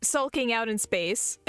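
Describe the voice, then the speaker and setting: A woman's voice: a little high, lively intonation, slow pace, fairly bright tone, clean tone. Playful, laughing woman streamer. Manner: playful, laughing, jokey asides. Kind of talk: casual gameplay commentary.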